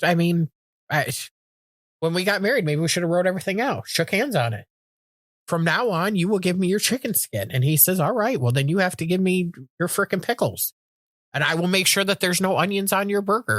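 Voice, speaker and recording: A woman's voice: fairly low pitch, brisk, no echo, studio quality. A middle-aged woman co-hosting a podcast, telling stories in casual chat, acting out quotes with frequent swearing. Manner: animated storytelling with acted-out quotes, frequent swearing. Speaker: podcast co-host.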